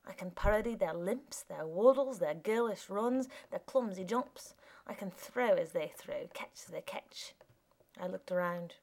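A woman narrating a first-person story in a measured, often soft reading voice. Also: medium pitch, expressive, vocal fry.

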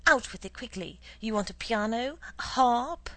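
A woman's voice: fairly high pitch, animated, moderate pace, fairly bright tone, dry recording, voice pushed up, rough recording. A woman reading the part of a stingy, stern middle-aged husband who lectures in a dry voice. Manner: dry, lecturing, penny-pinching.

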